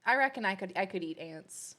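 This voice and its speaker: A woman's voice: medium pitch, animated, fairly quick, pushed and bright. A woman, chatting casually with viewers while streaming a game. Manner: chatty, rambling, playful with pets. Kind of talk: casual live-stream chat.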